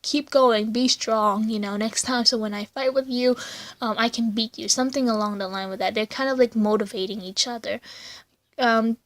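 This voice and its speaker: A woman's voice: a little high, no echo. A woman casually reviewing an anime episode on video, rambling with lots of fillers and sounding emotional. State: teary, voice breaking.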